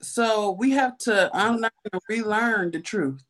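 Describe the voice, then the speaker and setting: A woman on a casual panel, speaking calmly and in a preacherly way. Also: mid-range voice, a little slow.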